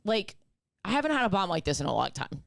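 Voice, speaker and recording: A woman comedian on a podcast, talking through a story in an animated way that swings from hushed asides to loud, swearing outbursts. Her voice sits at a middle pitch, and the sound is very dry and close to the mic. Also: quick pace, creaky, dry recording. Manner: animated, profane, acts out scenes with loud outbursts. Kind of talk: casual chat, storytelling.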